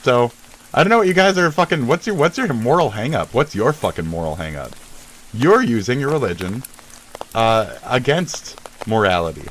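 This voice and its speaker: A man's voice: lowish voice, a bit bright. A man delivering an angry, swearing rant as a vlogger, sneering and scornful, outdoors near traffic. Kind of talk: profane ranting monologue.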